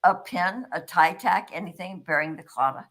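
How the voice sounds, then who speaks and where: This older woman talks in a fairly low voice. She is blunt and salty, swearing freely as she chats with her co-host. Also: expressive, fairly quick, fairly bright tone. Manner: blunt and profane. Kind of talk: casual chat.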